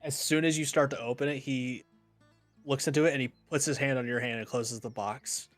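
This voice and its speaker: A man narrating a tabletop game as game master in a plain, halting way, with frequent ums and restarts. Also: mid-range voice, fairly even intonation, no echo, faint music behind. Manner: refuses to do character voices.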